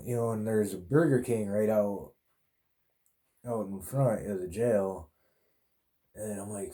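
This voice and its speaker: Brief: male podcast host, low and very mellow, profane, laid-back rambling storyteller. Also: unhurried, long pauses. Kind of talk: casual storytelling monologue.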